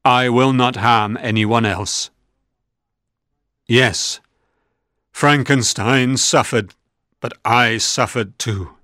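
A man's voice: mid-range voice, steady tone, pushed and bright, no echo, clean studio sound. A man putting on a moaning, remorseful monster. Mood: mournful. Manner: moaning, drawn-out pleading. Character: grieving, remorseful male monster creature.

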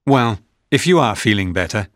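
A man voicing a kind, worried young male friend in a storybook reading, in a gentle, concerned tone. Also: lowish voice, animated, normal speed, no echo, studio quality.

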